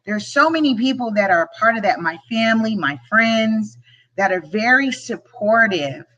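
A woman's voice: on the high side, lively intonation, normal speed, pushed and bright, lo-fi sound. A woman hosting a live stream, talking earnestly and from the heart, often repeating words as she gets moved. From Philadelphia. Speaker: show host and real estate agent. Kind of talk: live-stream motivational talk.

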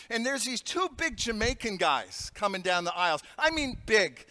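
A pastor preaching a sermon, telling stories with humor and laughter. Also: male voice, sits high, animated, normal speed, hardly any pauses, bright, forceful tone, big-room sound.

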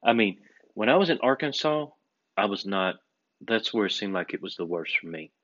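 Over a dull lo-fi recording, a man with a fairly low voice tells stories in casual chat at a moderate pace. He's an animated storyteller who acts out the voices of the people involved.

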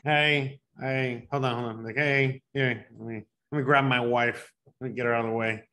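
A man co-hosting a live-streamed show, rambling excitedly and calling people bro. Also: mid-range voice, normal speed. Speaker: co-host. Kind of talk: casual live-stream chat.

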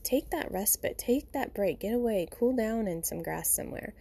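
A woman hosting a podcast at home talks informally and reflectively in a rambling monologue, regularly saying "you know" and "you guys." Her slightly high voice is animated at a moderate pace, with vocal fry, a warm tone, and some roughness.

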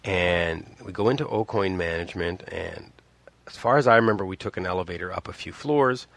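Gravelly low-voiced man telling a story. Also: brisk, a bit bright, no room sound. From Montreal, Canada. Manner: rambling, with many restarts and asides; acts out quoted people with big pitch jumps. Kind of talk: casual personal storytelling.

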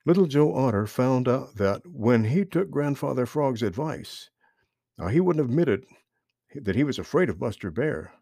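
Male storyteller for kids' audiobook, gravelly, pitch all over the place. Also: moderate pace, no room sound, studio quality. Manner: expressive, animated reading. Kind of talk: storybook reading aloud.

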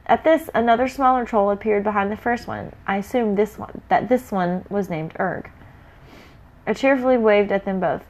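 A woman reading a first-person fantasy adventure story aloud in a lively, playful way. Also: medium pitch, normal speed.

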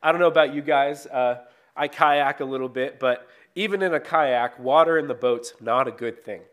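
A man's voice: medium pitch, moderate pace, a bit bright. A man preaching a sermon in a conversational way, reading scripture and then explaining it, often checking in with "right?". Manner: conversational, frequent "right?" tag questions.

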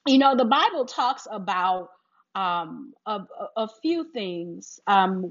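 A woman's voice: on the high side, fairly bright tone, highs cut off. A woman sharing her personal testimony in a preaching style, repeating her key phrases and leading listeners through scripture.

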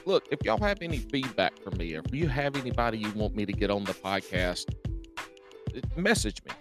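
A man's voice: fairly low pitch, very animated, brisk, over music. A man with a Southern US drawl hosting a podcast in casual chat, folksy and self-deprecating with easy jokes. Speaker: podcast host.

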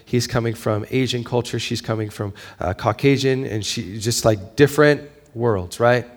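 A male pastor giving a sermon, moving between quiet storytelling and raised, emphatic preaching, with a conversational habit of asking "right?". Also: medium pitch, normal speed. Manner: conversational, with fillers and frequent "right?".

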